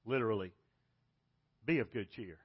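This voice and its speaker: A man preaching a sermon as pastor, telling stories and swinging between loud exclaims and quiet, hushed lines. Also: on the low side, moderate pace, breathy edge, highs cut off.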